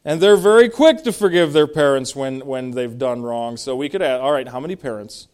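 A man's voice: medium pitch, a little fast, a little mellow, smooth. A middle-aged male pastor preaching a sermon, reading Bible verses aloud and explaining them, with emphatic stresses.

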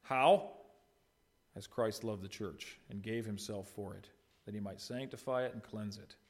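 A man's voice: fairly low pitch, fairly even intonation, a little slow, darkish tone. A middle-aged man preaching a sermon, addressing the congregation with rhetorical questions and short retold dialogue. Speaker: pastor.

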